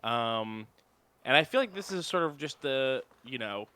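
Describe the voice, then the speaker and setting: A man playing a tabletop game in casual chat, musing and thinking out loud. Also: mid-range voice, lively intonation, measured pace, clean tone.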